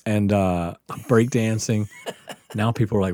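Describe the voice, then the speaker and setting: A man from the Mississippi coast telling a wild story on a podcast, animated, profane and laughing often. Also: on the low side, moderate pace, dry recording. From Mississippi Gulf Coast. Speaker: podcast guest. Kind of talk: casual storytelling.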